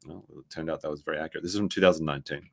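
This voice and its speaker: A man's voice: rumbling low, steady tone, very fast, gravelly. A man giving casual, rambling reaction commentary, full of fillers. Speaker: commentary streamer.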